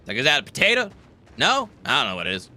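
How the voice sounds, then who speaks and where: A man's voice: medium pitch, huge pitch swings, fast talker, pushed and bright. An American man streaming a space game, chatting casually and joking with heavy swearing. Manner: profane, joking banter. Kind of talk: casual gameplay chat.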